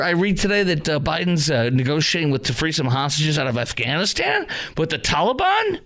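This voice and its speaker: Male talk radio host, fired-up ranter, wide swings in pitch. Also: sing-song, brisk, hardly any pauses, fairly bright tone. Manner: fired-up, ranting, voice climbing high when worked up. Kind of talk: political talk radio commentary.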